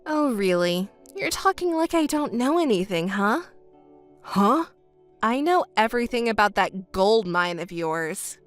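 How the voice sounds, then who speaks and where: A woman reading as a betrayed wife in a texting story, scornful, sharp and mocking. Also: on the high side, big pitch swings, moderate pace, no room sound, faint music behind. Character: betrayed wife, adult woman, cold and cutting.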